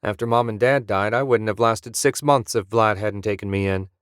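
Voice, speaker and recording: A man's voice: fairly low pitch, normal speed, a bit bright, dry recording, studio quality, lightly acted. A man voicing a confident, easygoing male smuggler hero in an audiobook. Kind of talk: audiobook character voice.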